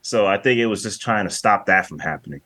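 Low-voiced man rambling about a movie. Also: fast. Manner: rambling, repeats words, relaxed. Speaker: podcast co-host. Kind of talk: casual movie review chat.

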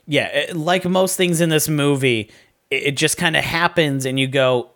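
A man's voice: fairly high pitch, moderate pace, fairly bright tone. A man casually chatting as a podcast co-host, with wry, sarcastic asides. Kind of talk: casual movie review chat.

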